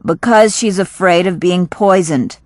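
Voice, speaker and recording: A woman's voice: fairly low pitch, a little slow, a little mellow, no room sound, voice pushed down, natural voice. A woman reading the lines of an earnest, awkward teenage boy who talks bluntly and evasively.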